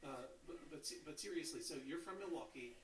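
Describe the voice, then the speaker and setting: A man's voice: fairly high pitch, fairly quick, a little hiss or hum. A man hosting a comedic interview, mock-formal, with lots of stammered restarts. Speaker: host. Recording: echoey playback from far off.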